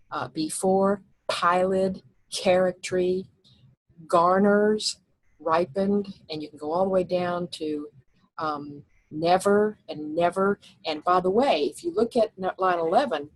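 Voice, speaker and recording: Low husky woman lecturing over slides, explains step by step, lots of ums. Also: no echo, poor audio. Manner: explanatory, with frequent fillers and restarts. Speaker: teacher.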